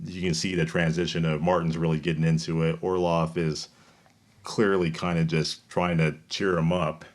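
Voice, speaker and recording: Man, very deep monotone voice, podcast panelist, measured, lots of "kind of". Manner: measured and hedging, says "kind of" often. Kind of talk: casual chat about a film.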